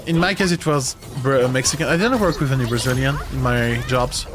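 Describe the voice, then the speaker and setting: A man's voice: medium pitch, fairly quick, over music. A man with a French accent, a non-native English speaker who grew up in France, chatting casually and rambling with many restarts while streaming a video game.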